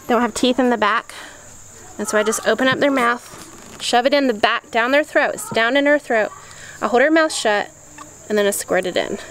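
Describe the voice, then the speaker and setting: A fairly high-voiced woman explains farm chores in a practical, step-by-step way. She records outdoors among her animals. Insects and farm sounds hum clearly behind her. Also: fairly bright tone, low-quality recording. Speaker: homesteading vlogger. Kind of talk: casual how-to explanation.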